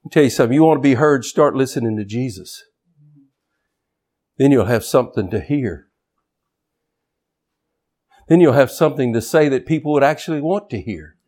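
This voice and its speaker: Animated older man preaching a sermon. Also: mid-range voice, normal speed, long pauses. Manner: animated preaching, shouting for emphasis. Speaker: pastor. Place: church.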